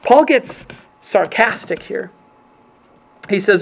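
Guy with a pretty high voice giving a sermon, earnest and chatty, leans hard into the scripture bits. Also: moderate pace. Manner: earnest, conversational, with restarts and emphatic scripture reading. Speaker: pastor.

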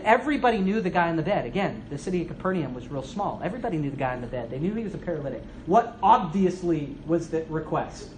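A man's voice: a little high, lively intonation, fast, hardly any pauses, slight background noise. A man preaching a sermon in a church, teaching through a Bible passage. He speaks conversationally, asks the listeners questions, adds asides and acts out quoted speakers.

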